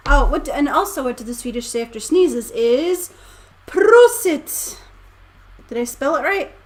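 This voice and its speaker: A woman's voice: high-pitched, animated, a little slow. A woman hosting a casual chat, playfully trying out Swedish words and laughing often. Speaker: host.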